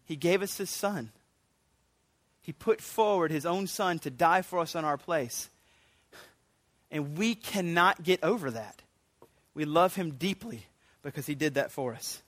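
A man preaching a sermon, animated and earnest, often restarting his sentences. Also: a little high, dry recording. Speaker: pastor.

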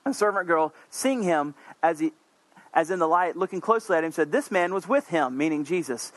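A man preaching a sermon in an earnest, conversational way, with asides, climbing to emphatic peaks and falling back low and quiet. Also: a little fast, no echo.

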